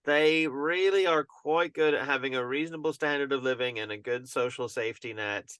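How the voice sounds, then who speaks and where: A man's voice: mid-range voice, brisk, fairly bright tone, clean tone, no echo, studio quality. A man co-hosting a podcast, chatting casually, joking and swearing and mocking himself. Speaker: podcast co-host. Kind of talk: casual chat.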